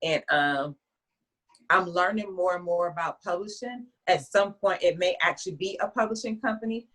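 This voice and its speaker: A woman author in an interview, telling her story in a chatty, lively way with frequent restarts. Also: lowish voice, moderate pace.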